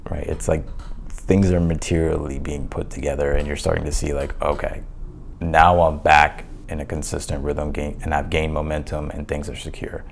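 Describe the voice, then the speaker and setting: A man giving a casual tarot reading to his viewers, loose and chatty, full of fillers and restarts, a little hoarse as he says he is losing his voice. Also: rumbling low, level tone, normal speed, a little hiss or hum. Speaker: tarot reader.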